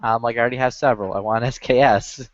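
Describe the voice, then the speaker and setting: A man's voice: medium pitch, steady tone, quick pace, dry recording, dull audio. Rambling profane man on voice chat. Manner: profane, rambling, many filler "like"s. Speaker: lobby chat regular. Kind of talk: casual storytelling chat.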